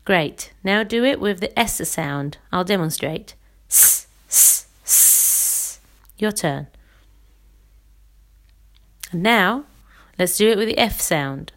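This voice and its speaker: With a medium-pitched voice, a woman singing teacher takes a breathing exercise slowly, pausing often. She gives calm, step-by-step directions and demonstrates each sound as she goes.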